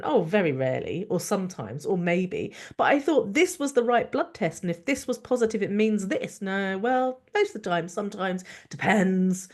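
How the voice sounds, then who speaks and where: A woman doctor hosting a podcast, speaking in a candid, reflective monologue, frank and expressive and thinking aloud with many restarts. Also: medium pitch. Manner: frank and expressive, with laughs and the odd swear.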